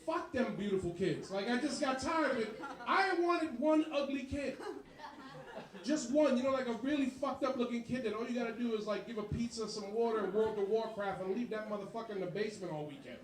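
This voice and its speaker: A man in his forties working a bar crowd with a profane, animated stand-up set. His voice sits very high for a man. The sound is echoey and distant, as if taken from across the room. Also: a little fast. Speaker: stand-up comedian. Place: bar comedy show.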